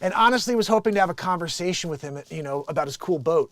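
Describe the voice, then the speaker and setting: A man's voice: a little high, expressive, fast talker, hardly any pauses, dry recording, clean studio sound. A man hosting a casual online show, reading news stories and riffing on them with jokes. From United States. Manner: joking, acts out quotes. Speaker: vlog host reading news.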